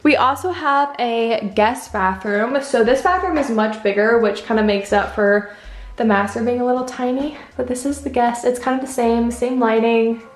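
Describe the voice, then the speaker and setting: A young woman with a slightly high voice walks through an empty apartment with a handheld camera, chatting casually and peppering her talk with "like." She sounds upbeat and a little out of breath. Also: normal speed. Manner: chatty, uses "like" often, upbeat. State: a bit out of breath. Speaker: vlogger. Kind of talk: casual home tour vlog. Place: empty apartment with bare rooms, indoors.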